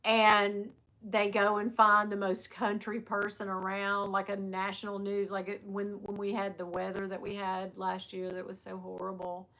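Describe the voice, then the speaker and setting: A middle-aged woman hosting a livestream, chatting casually and telling lively stories, laughing often and mimicking the people she talks about. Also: medium pitch, moderate pace. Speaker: livestream host. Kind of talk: casual chat to viewers.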